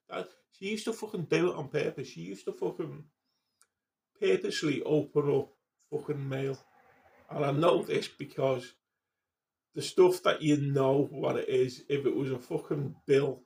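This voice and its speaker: Man in his fifties, gravelly, sweary rambling vlog chat. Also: mid-range voice, darkish tone. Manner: swears constantly, trails off, restarts sentences. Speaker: vlogger. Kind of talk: casual rambling monologue.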